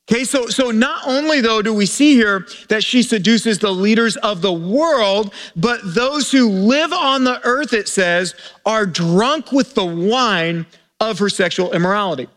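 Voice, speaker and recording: A pastor preaching a conversational sermon to a congregation, informal, often restarting and repeating words. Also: male voice, high-pitched, fairly bright tone. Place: church service before a live congregation.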